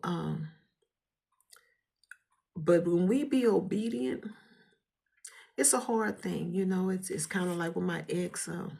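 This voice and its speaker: Gravelly woman giving a fervent testimony. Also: lowish voice. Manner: fervent, preacher-like, drops into hushed whispers; fighting back tears. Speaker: vlogger sharing a testimony. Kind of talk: emotional spoken testimony.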